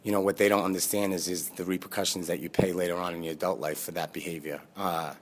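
A man speaking as an interview guest, earnest and halting, with many fillers and restarts. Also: sits low, fairly even intonation. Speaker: guest, former pro basketball player. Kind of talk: conversational interview. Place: live studio with audience.

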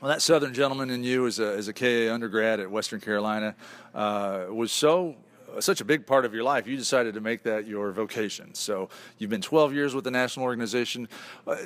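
A man's voice: on the low side, fairly bright tone. A man hosting a radio talk show, asking enthusiastic, rambling questions of his guests. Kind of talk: radio interview.

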